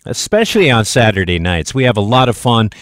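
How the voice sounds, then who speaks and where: A man with a lowish voice talks a little fast while hosting a live jazz radio show from the studio, sounding slightly out of breath. His DJ patter is loose and full of fillers as he makes a pledge-drive appeal for donations, all in a dry recording.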